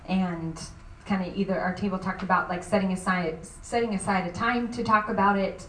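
A woman in her thirties speaking on a church women's panel, halting and restarting often as she shares from her own marriage. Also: mid-range voice, fairly even intonation, fairly bright tone, slight background noise. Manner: halting, many restarts and fillers. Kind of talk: faith-based panel talk. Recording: roomy sound from a distant mic.

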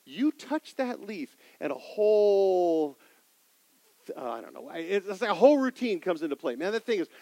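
A middle-aged man preaches a sermon in a church sanctuary, his voice sitting somewhat high for a man. He moves between loud, emphatic lines and quiet asides and keeps asking his listeners questions. The recording is dry and close, with almost no room sound. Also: big pitch swings, normal speed, dry recording, rough recording. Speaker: pastor.

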